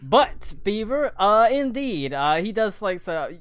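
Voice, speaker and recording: A man narrating as game master of a tabletop game, rambling with many pauses and restarts. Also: high voice, sing-song, smooth, dry recording, soft background music.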